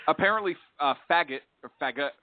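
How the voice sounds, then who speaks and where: A man co-hosting a talk radio show, casual banter full of wisecracks and deadpan asides. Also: fairly high pitch, fast talker, dry recording. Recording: tinny phone-like sound, dry.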